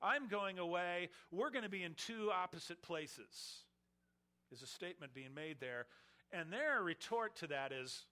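A man delivers a verse-by-verse sermon with a bright, forceful tone. His voice sits a little high for a man. He animates the text by acting out the scornful questions of the people in the passage. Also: animated, unhurried. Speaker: pastor. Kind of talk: expository sermon.

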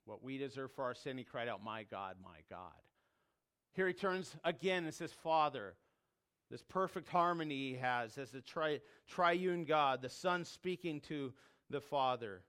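Man, pastor, sermon, emphatic, repeats words, a bit high-pitched. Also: moderate pace, clean tone. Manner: emphatic, repeats words, drops soft when quoting scripture.

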